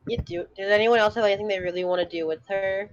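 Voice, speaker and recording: A woman's voice: mid-range voice, fairly even intonation, fast talker, lo-fi sound, faint music behind. A woman playing a tabletop game, asking questions and planning with her group. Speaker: player. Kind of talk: casual chat in a tabletop game.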